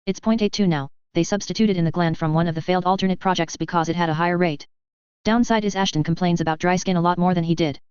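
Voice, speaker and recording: A woman's voice: lowish voice, steady tone, fast, a little mellow, smooth, no room sound, natural voice. A woman reading the part of a weary, clinical young man in a storybook, tired in tone. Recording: slightly dull lo-fi.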